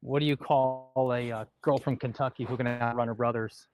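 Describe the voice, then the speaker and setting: A man playing golf and co-hosting a livestream outdoors, talking in a relaxed, dry, joking way. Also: medium pitch, a little fast, a little hiss or hum. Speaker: golf livestream co-host and player. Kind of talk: casual on-course chat.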